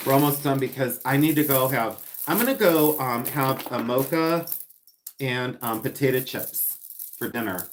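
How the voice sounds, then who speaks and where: A man running a casual live stream as he unboxes items. He chats loosely and giggles a lot, answering his viewers as he goes. His voice sits at an ordinary middle pitch for a man. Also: moderate pace, slight background noise. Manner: chatty and giggly, reading viewer comments aloud; playful, repeats words for fun. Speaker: live-stream seller and host.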